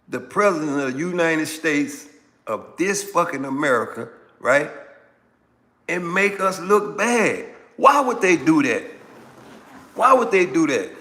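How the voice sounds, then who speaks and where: A man hosts a live stream and reacts to viewer comments in a loose, animated way, often repeating himself for emphasis. He speaks slowly in a bright, slightly raised voice. The room carries a long reverb. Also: a little high. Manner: animated, repetitive, talks back to viewers. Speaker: livestream host. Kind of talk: casual political commentary reading chat.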